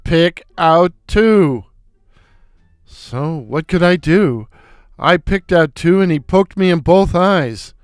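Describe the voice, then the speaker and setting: An older man narrating a comic story in a wry, unhurried way. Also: a little high, lively intonation, no echo, clean studio sound, faint music behind. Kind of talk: scripted narration.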